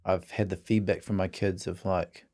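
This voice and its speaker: A man's voice: low voice, level tone, normal speed, a little mellow. A middle-aged man with a New Zealand accent, a guest telling rambling, self-mocking stories in casual chat. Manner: rambling, self-mocking storyteller who laughs often.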